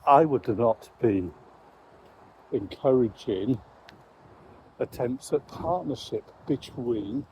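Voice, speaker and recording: Guy with a warm mellow voice talking through church news, calm and reflective, faint traffic noise behind. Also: medium pitch, slow, pauses often, rough recording. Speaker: Christian commentator. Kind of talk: spoken commentary on current events.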